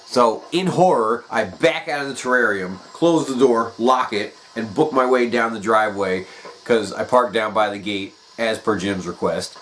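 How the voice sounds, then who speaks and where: A man telling a comedic personal story in an animated way, swearing freely. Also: lowish voice, normal speed, slight background noise, rough recording.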